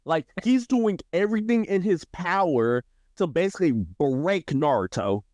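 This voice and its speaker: A man co-hosting a podcast, recapping an anime storyline in a casual, animated way and acting out the characters' lines. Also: normal speed, no room sound, clean studio sound. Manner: animated, acts out character quotes with shifting pitch. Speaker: podcast co-host.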